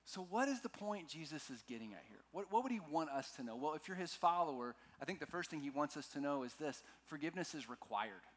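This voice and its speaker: A male pastor preaching a sermon, slowing down and swinging between loud and soft to stress his points. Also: a little high, sing-song. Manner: dramatic shifts in loudness, slows for emphasis; asks the congregation to repeat lines.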